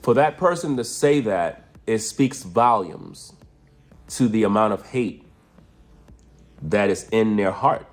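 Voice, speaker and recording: A man in a played video clip, talking to his viewers in a measured, explaining way. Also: lowish voice, lively intonation, faint music behind. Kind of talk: vlog commentary.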